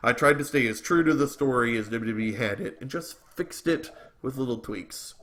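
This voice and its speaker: A man's voice: medium pitch, moderate pace, a bit bright. A man co-hosting a wrestling podcast, talking in a casual, opinionated, rambling way, often restarting his sentences. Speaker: podcast co-host. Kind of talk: casual wrestling commentary chat.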